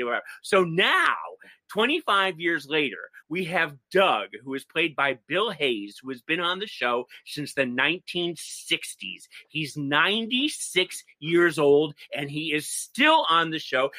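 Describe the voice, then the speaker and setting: A man's voice: a little high, sharp tone, no echo. A man co-hosting a podcast, telling a story animatedly with dramatic asides. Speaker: podcast co-host. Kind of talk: casual chat, pop culture recap.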